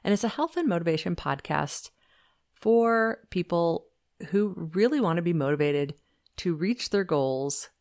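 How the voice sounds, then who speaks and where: A woman's voice: on the low side, animated, measured pace, darkish tone. A woman hosting her own fitness podcast, telling a story in an upbeat, chatty way with frequent fillers. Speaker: podcast host. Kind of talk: casual solo podcast talk.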